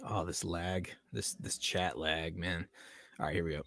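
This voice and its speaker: A man's voice: low voice, fairly even intonation, a little slow, creaky, a bit bright, no echo. A man hosting a casual livestream podcast, rambling and chuckling as he talks to his chat. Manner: rambling, chuckling, self-interrupting. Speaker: podcast host.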